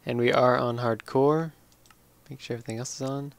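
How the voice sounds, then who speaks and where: A tired young man slowly rambling through casual commentary on his own game. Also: medium pitch, fairly even intonation, vocal fry, smooth, no room sound. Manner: slow, drowsy, rambling. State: tired, yawning. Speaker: let's play gamer.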